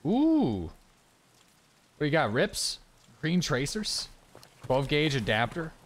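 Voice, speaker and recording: A young man gives casual commentary over his gameplay. His voice sits a little high and swings widely as he jokes and swears in quick asides, with a faint hiss under it. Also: expressive, a bit bright. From Canada. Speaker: game streamer.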